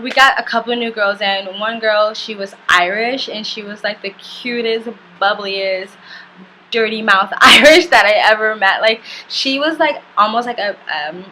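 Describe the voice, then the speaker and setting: A woman's voice: medium pitch, pushed and bright, slight background noise, poor audio. A young woman vlogger telling a personal travel story in a casual, candid way, full of "like" fillers and the odd swear word. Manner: candid and chatty, heavy use of "like".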